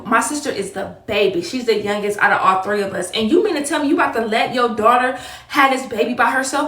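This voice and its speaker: A woman telling a personal story in a casual storytime monologue, animated and talking straight to her viewers. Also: fairly high pitch, fairly quick. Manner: animated, addresses viewers as y'all. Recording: echoey room, voice a bit far from mic.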